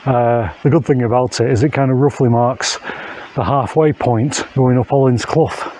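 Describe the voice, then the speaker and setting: A man's voice: medium pitch, a little hiss or hum. Breathless English man hiking a moor. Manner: steady, unhurried, with frequent "uh" fillers. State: a bit out of breath. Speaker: hiking vlogger. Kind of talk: casual walking commentary to camera. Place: outdoors on open moorland. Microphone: handheld camera.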